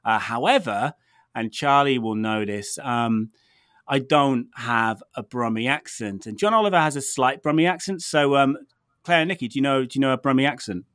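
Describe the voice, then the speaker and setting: An English man from the Midlands, talking in a loose, rambling way, full of "um"s and restarts. His voice sits at an ordinary middle pitch, and the recording is dry and close with no room sound. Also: normal speed, fairly bright tone, no echo. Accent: English, lived in London. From England, near Birmingham. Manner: rambling, self-deprecating, many fillers and restarts. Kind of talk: casual chat.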